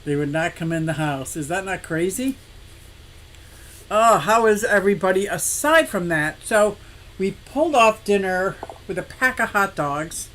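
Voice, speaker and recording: A woman's voice: mid-range voice, unhurried, a little hiss or hum. Chatty older woman hosting a live stream. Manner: chatty and animated, laughs often, rambling anecdotes. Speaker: livestream host of an aquarium and fish shop. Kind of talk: casual live-stream chat, greeting viewers and reading comments.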